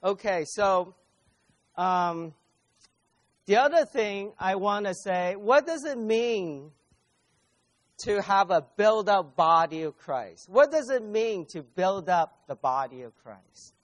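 A man preaching a sermon at a conference, speaking emphatically, repeating key phrases slowly and addressing the audience directly. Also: sits high, lively intonation.

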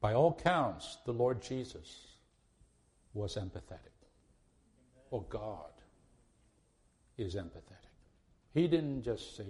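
In a lowish, slightly mellow, sing-song voice, a preacher delivers a sermon slowly, with long pauses. He pleads earnestly, often restarting phrases before building to emphatic, hard-pressed points.

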